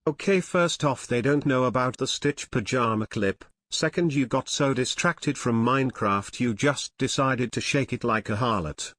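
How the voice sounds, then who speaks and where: A man's voice: medium pitch, normal speed, few pauses, fairly bright tone, slight background noise. A man on a stream, teasing his friend in a casual, mocking way, point by point.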